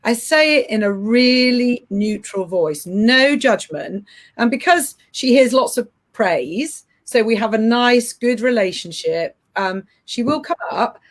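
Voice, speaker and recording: A woman's voice: a little high, lively intonation, measured pace. A middle-aged woman coaching parents, explaining earnestly with frequent restarts. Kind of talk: advice-giving podcast chat.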